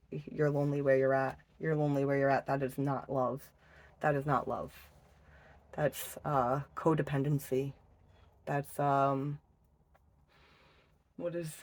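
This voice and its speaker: A woman giving a casual tarot reading, emotional and halting, swearing often and restarting her sentences. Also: sits low. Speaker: tarot reader.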